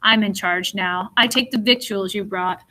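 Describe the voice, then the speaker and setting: A woman reading an audiobook voices a nasty, greedy male prisoner who speaks in rough, coarse old-time talk. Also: mid-range voice, moderate pace, pushed and bright, natural voice, poor audio. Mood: sly.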